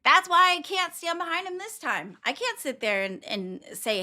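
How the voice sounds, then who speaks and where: A young woman hosting a casual livestream, blunt and quick to swear, laughing often. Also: extremely high pitch, very animated, bright, forceful tone. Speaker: stream host.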